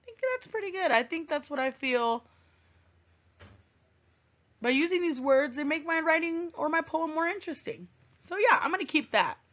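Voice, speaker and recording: A woman teaching a writing lesson to young children, thinking aloud with long hums in a gentle, encouraging way. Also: high voice, expressive, normal speed, pauses often. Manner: gentle, encouraging, sing-song classroom delivery. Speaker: first grade teacher. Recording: dull lo-fi recording.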